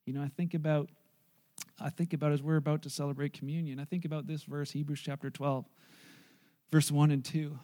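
A man preaching as a pastor, telling a story with animated swings from loud to hushed. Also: a little high. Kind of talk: sermon with storytelling.

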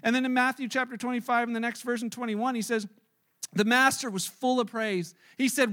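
High-voiced man preaching a sermon. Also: brisk. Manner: animated storytelling, acting out the people in it. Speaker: pastor.

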